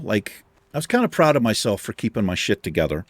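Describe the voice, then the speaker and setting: A man's voice: on the low side, very animated, a little fast, dry recording. Profane man telling a story, dry sound. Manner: profane, exasperated anecdote telling. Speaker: gaming channel host. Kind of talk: casual storytelling over gameplay.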